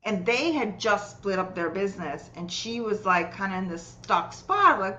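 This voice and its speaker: A woman healer and coach, a guest, telling client stories in a lively way and acting out what people said. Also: medium pitch, normal speed, lo-fi sound. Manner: lively, acts out quoted voices while telling client stories. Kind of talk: conversational storytelling.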